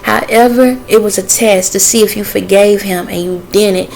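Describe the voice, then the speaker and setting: A woman speaks in a relaxed, conversational vlog voice at a mid-range pitch. She relays spirit messages, breaking off to ask quick yes-or-no questions. A faint hiss sits under the recording. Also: gravelly, rough recording. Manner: chatty with frequent fillers and laughter. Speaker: spiritual messenger vlogger.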